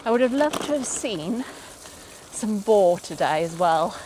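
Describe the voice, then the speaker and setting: This forest bike-ride vlog features a woman of medium pitch whose warm, animated voice moves at a measured pace. Slight background noise is audible as she chats casually and coos at the animals along the way.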